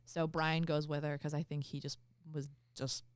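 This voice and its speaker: Animated young woman telling stories. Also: sits low, normal speed, clean tone, dry recording, studio quality. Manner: animated storyteller, acts out quotes. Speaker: podcast co-host. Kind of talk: casual chat.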